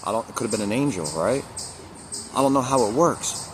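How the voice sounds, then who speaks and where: A man's voice: mid-range voice, lively intonation, brisk, noisy background. A man candidly telling a personal story to camera, repeating phrases for emphasis and swearing now and then. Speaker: recovery vlogger.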